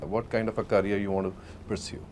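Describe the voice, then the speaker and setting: Fast-talking man interviewing students. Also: lowish voice, little pitch movement, darkish tone, a little hiss or hum. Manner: encouraging, mixes Hindi into English. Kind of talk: casual interview.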